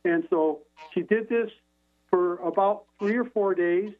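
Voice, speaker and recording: A man's voice: high-pitched, measured pace. A man, a hypnotherapist guest, telling stories over a phone line in a rambling way, with many restarts and fillers. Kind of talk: casual storytelling on a radio call-in.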